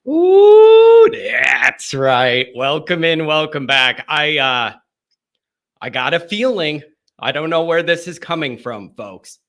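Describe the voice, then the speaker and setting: A man hosting a live call-in show, chatting casually in an energetic, rambling, joking way from a green-screen set. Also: a little high, measured pace.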